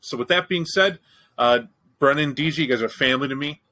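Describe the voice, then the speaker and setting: Candid, joking man with a bright voice. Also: mid-range voice, fairly quick, poor audio. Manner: candid, profane, joking storyteller. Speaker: podcast host. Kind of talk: casual chat.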